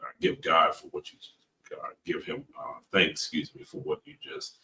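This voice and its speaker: Very deep-voiced man reflecting on faith. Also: normal speed, pushed and bright. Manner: reflective, quotes scripture, laughs easily. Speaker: podcast co-host. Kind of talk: casual faith-based discussion. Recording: distant mic with faint room noise.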